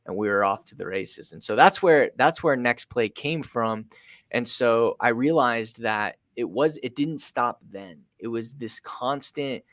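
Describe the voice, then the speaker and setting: A man in his thirties, a guest on a sales podcast, telling a story in an energetic, emphatic way. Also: mid-range voice, a little slow, no room sound. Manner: energetic, emphatic, acts out a coach's pep talk. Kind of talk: storytelling in an interview.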